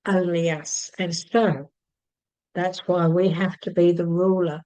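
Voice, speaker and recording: A woman teaching emotional tapping, repeating calm affirmations and then talking chattily with fillers and little laughs. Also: fairly low pitch, takes it slowly, rough recording. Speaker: EFT healing teacher. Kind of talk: guided tapping session and casual talk.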